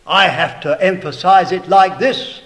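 Slow, dramatic male preacher. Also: high-pitched, poor audio. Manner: slow, dramatic delivery rising to loud emphatic peaks, then dropping to hushed tones; addresses listeners as brethren, beloved brother. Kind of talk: sermon.

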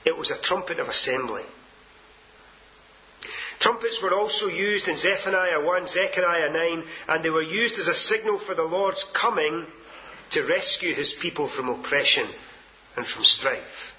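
A man preaching a sermon with emphatic delivery, swinging from loud declarations to hushed asides. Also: on the high side, normal speed, lo-fi sound.

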